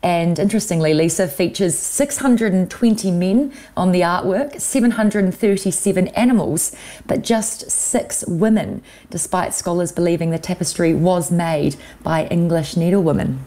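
Brief: enthusiastic woman correspondent, warm lowish voice. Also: moderate pace. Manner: enthusiastic, informative. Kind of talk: radio interview.

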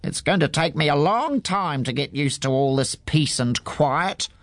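A cranky old neighbour, as a man puts him on, grumbles slowly to himself in a cross, muttering voice. His pitch swoops about in a dry, close recording. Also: expressive, a bit bright, no echo. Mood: grumbling.

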